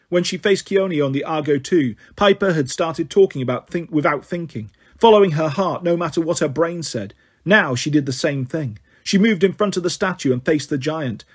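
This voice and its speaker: A man reads a fantasy story aloud at a steady storytelling pace. His voice is husky and sits a little high. He carries the action along plainly. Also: normal speed. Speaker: narrator. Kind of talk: audiobook reading.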